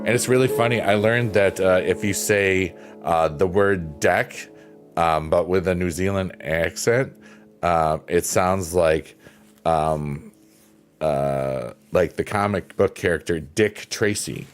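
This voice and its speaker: A deep-voiced man talks slowly and softly on a live stream, musing and responding to comments from his viewers. He speaks in a halting, reflective way, full of little fillers. Chill piano music plays clearly behind him. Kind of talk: casual livestream chat reading viewer comments.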